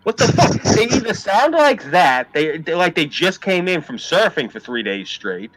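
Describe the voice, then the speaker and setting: A man's voice: high voice, normal speed, no echo, rough recording. A man with a New York accent, ranting and swearing in casual chat as a stream host. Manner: ranting, profane, animated storytelling.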